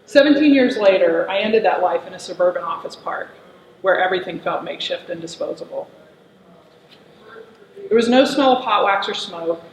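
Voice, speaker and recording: High-pitched guy reminiscing slow and wistful, roomy echo, a bit muffled. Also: slight background noise. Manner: wistful, reflective storytelling. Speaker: performer. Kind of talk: autobiographical spoken performance. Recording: echoey, slightly dull room recording.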